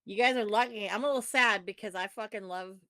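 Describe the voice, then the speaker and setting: A woman co-hosting a podcast, ranting about wrestling in a profane, animated way. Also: mid-range voice, quick pace, no room sound, studio quality. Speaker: podcast co-host. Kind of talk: casual wrestling chat.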